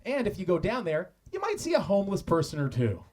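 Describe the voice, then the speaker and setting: High, animated comic roasting a rival. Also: male voice, fast talker. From Canada. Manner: crude, mocking punchlines. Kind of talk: stand-up roast insults. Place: comedy club stage. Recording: noisy live club recording.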